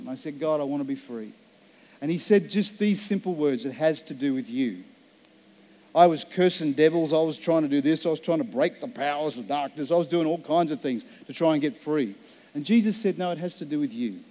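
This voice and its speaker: A pastor delivers a sermon in a mellow, rather high voice. He tells a personal story slowly and earnestly, leaning into each phrase for emphasis.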